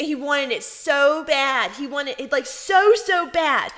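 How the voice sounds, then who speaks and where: A woman's voice: high-pitched, a little slow, few pauses. A woman co-hosting a podcast in casual chat, telling crude stories with lots of laughter. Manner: crude, animated storytelling, laughs a lot. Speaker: podcast co-host.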